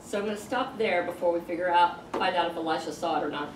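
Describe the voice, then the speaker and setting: A woman teaching a church Bible class, talking the group through a passage at an easy pace with fillers and pauses. She sits a little back from the mic in a roomy space. A faint hiss runs under her voice. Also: fairly low pitch, distant mic. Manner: conversational, explaining with pauses and fillers. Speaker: Sunday school teacher.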